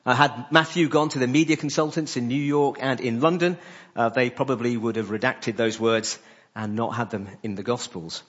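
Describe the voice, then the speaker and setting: A man preaching a sermon, pausing often with "uh" between phrases. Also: mid-range voice, lo-fi sound. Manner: frequent "uh" fillers between phrases.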